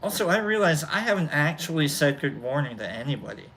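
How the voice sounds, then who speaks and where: A man hosting a casual chat show, talking in a rambling, halting way full of fillers and restarts. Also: a little high, big pitch swings, a bit bright. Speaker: host. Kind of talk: casual chat while smoking.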